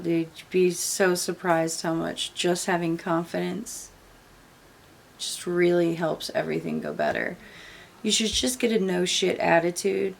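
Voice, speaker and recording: A woman's voice: lowish voice, creaky, a little hiss or hum. A woman giving casual reaction commentary, blunt and sarcastic, swearing freely. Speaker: commentary YouTuber.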